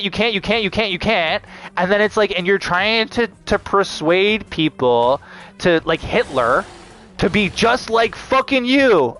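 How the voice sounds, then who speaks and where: A man's voice: on the high side, a bit bright. A man in a heated, profane, unscripted rant, swearing constantly and leaning on "like" as he talks. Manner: heated, swearing, heavy use of "like".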